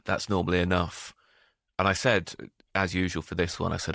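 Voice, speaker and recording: A man with a very low, gravelly voice chats in a relaxed, dry, self-deprecating way. The sound is close and dry, with no room around it. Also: normal speed, no room sound. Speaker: podcast co-host. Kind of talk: relaxed casual chat.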